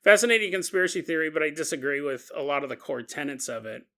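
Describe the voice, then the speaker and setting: A man hosting a podcast, talking through a conspiracy theory in an animated, jokey way and acting out quoted voices. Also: fairly high pitch, fast talker. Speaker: podcast host. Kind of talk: comedic conspiracy podcast monologue.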